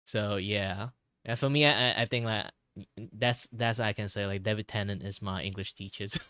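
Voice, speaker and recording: A man from Malaysia with a fairly low voice, chatting casually as a stream host. He rambles and restarts, filling his sentences with "like". The recording is close and dry, with no room sound. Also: fairly even intonation, normal speed, sharp tone, clear, resonant tone, dry recording. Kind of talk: casual chat.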